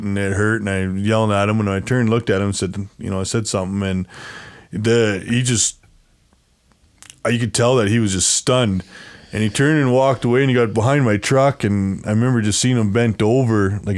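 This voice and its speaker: A man's voice: on the low side, steady tone, moderate pace. A man casually telling a long story as an interview guest, rambling and acting out what others said, laughing often. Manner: rambling, acts out quoted voices, laughs often.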